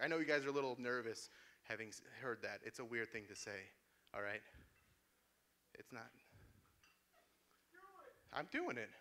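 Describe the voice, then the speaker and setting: A man in his thirties doing a stand-up comedy set on a small club stage, sardonic and deadpan with sudden shouted outbursts. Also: mid-range voice, moderate pace, pauses often, a little hiss or hum. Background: small audience laughing.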